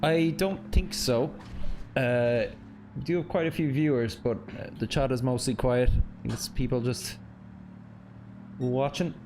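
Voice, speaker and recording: Slow-talking laid-back man streaming a race. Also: mid-range voice, darkish tone, slight background noise. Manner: laid-back, laughs often. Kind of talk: casual gaming chat.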